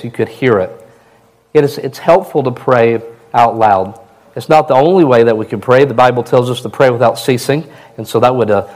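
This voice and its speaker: A man preaching a sermon in a plain, conversational way, his voice a little hoarse. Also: medium pitch, darkish tone, low-quality recording. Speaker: pastor.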